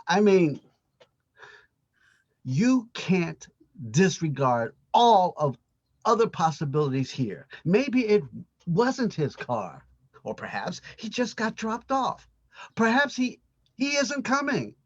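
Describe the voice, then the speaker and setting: A man playing a husky, halting, haunted husband. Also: high voice, sing-song, no echo, highs cut off, full character voice. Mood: flustered. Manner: halting, stammering, brooding. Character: haunted reclusive older husband. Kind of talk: amateur audio drama.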